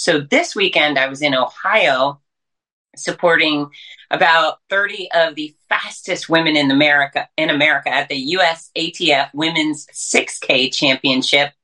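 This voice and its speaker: A woman who works as a race announcer and fitness speaker, talking as an upbeat, energetic interview guest. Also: low-pitched, normal speed, low-quality recording.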